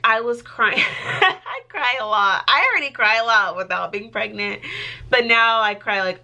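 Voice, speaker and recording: A woman's voice: mid-range voice, pushed and bright. A young adult woman talking casually to her vlog audience, chatty and giggly, with lots of filler words. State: pregnant. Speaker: vlogger.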